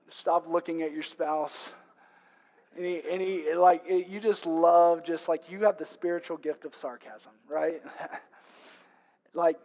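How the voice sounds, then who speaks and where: A man preaching a sermon as pastor, conversational with playful sarcastic asides, moving between hushed tones and loud emphatic stretches. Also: a little high, low-quality recording.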